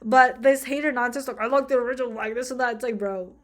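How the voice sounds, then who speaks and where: Chatty young woman with a high voice. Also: fairly even intonation, fast talker. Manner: chatty, filler-heavy, laughs often, swears casually. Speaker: vlogger. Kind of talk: casual commentary video.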